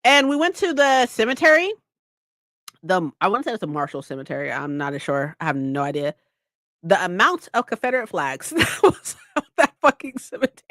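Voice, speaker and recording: A young woman from California chatting casually on a livestream between reading sprints, animated, swearing often and laughing a lot. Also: on the low side, a little fast, dry recording, clean studio sound. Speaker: streamer hosting reading sprints.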